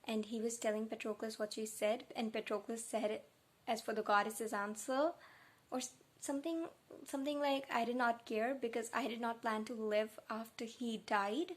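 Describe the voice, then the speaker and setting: A woman's voice: fairly high pitch, steady tone, moderate pace. A young woman chatting emotionally in a reading vlog, gushing and close to tears. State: tearful. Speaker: book vlogger. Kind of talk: casual reading vlog chat.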